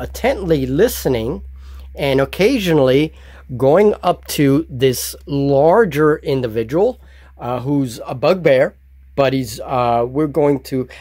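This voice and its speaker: A man calmly narrating a solo tabletop game at his hobby table, laying out each piece and figure one at a time. He talks slowly and in a steady middle pitch. The sound is dry and close. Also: dry recording. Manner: slow, deliberate scene describing. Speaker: game master.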